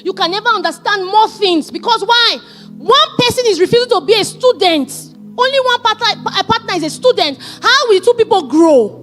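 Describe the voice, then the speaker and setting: A woman pastor preaching a sermon, animated and emphatic as she tells stories. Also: very high-pitched, normal speed, soft background music.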